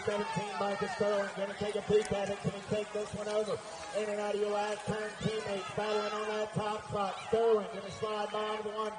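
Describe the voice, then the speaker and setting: A man announcing a race live, rattling off riders' names and positions in a rapid-fire call. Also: high voice, noisy background. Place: outdoor race track over loudspeakers. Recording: echoey loudspeaker heard from far off.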